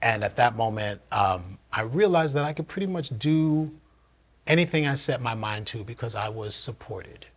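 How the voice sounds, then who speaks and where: A man's voice: medium pitch, expressive, moderate pace. A man from New Jersey earnestly and candidly telling a personal story in one unedited take, reflective as he looks back.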